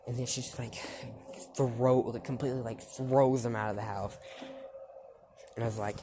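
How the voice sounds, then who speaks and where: A woman's voice: rumbling low, steady tone, moderate pace, background noise. A woman telling a fan story in a casual, rambling way, full of fillers and restarts.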